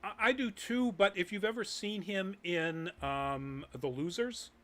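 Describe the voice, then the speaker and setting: A man in Massachusetts runs a live nerd news show, chatting loosely and peppering his reading of news and viewer comments with ums and uhs. He speaks a little slowly in a high-pitched, somewhat bright voice.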